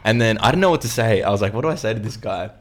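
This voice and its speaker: Laid-back young man, lowish voice. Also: lively intonation, racing. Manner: laid-back slangy storytelling. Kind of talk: casual chat.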